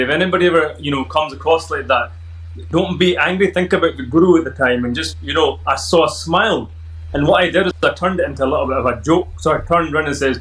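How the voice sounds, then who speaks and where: A man's voice: mid-range voice, fairly bright tone, low-quality recording. Scottish male guest, 30s, upbeat anecdotal storyteller, easy mid-range voice. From Scotland. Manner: upbeat, anecdotal, laughs often. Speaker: podcast guest. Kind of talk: casual interview storytelling.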